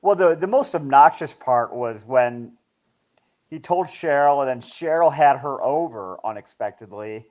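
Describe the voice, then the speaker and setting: A man's voice: mid-range voice, animated, unhurried, darkish tone. A man co-hosting a podcast in casual chat, adding dry, wry remarks.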